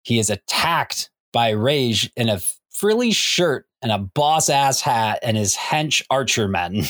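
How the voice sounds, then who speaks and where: A man co-hosting a casual comics chat, rambling through his thoughts with restarts along the way. His voice sits at a middling pitch and the sound is dry and close. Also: expressive, takes it slowly, a bit bright, no echo. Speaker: podcast co-host.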